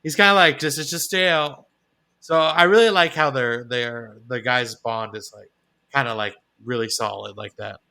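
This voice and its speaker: A man's voice: medium pitch, steady tone, moderate pace, vocal fry, sharp tone, clear, resonant tone. A man co-hosting a podcast, chatting casually and rambling with many restarts. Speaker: podcast co-host. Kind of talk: casual chat.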